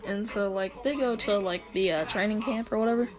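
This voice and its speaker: A woman's voice: medium pitch, a little fast. A woman casually retelling a fan-fiction story in a rambling, giggly way. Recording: home recording with music underneath.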